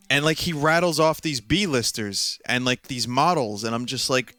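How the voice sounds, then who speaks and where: Bright-voiced man rambling through a story. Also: medium pitch, moderate pace, few pauses, dry recording, faint music behind. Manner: rambling, amused, lots of fillers and restarts. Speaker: game streamer. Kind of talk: casual storytelling during a game stream.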